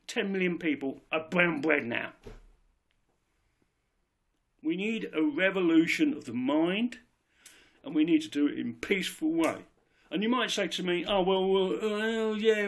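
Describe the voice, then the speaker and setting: A man delivers a heated monologue, swearing and driving his points home through repetition. His voice is gravelly and sits a little high for a man. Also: fairly bright tone. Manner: ranting, emphatic, swears, repeats himself. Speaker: political speaker. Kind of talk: impassioned monologue.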